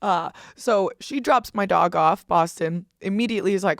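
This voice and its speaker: A woman's voice: fairly low pitch, normal speed, vocal fry, no echo, studio quality. Chatty young woman telling a wild story. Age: young adult. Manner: chatty, profane, laughing storyteller. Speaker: podcast host. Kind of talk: casual storytelling chat.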